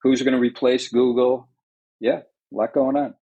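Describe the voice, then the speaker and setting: A man's voice: medium pitch, flat delivery, normal speed, dark tone, breathy edge, lo-fi sound. A man with a New York accent chatting on a podcast as an editor, opinionated and full of fillers and restarts. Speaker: executive editor and interviewer. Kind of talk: casual podcast chat.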